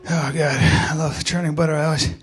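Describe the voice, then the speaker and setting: A man's voice: fairly high pitch, level tone, brisk, over music. Crude, playful stand-up comic man. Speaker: stand-up comedian. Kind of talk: stand-up comedy routine.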